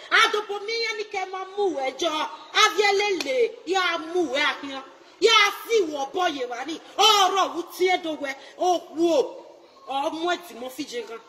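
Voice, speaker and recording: A Nigerian woman in a loud, taunting social media rant, mocking and laughing between her jabs. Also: extremely high pitch, slight background noise.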